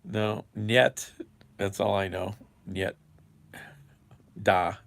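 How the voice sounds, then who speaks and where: A man with a deep, gravelly voice talks at an unhurried pace. He rambles in casual livestream chat, chuckling as he answers viewers. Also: no room sound. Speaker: live streamer.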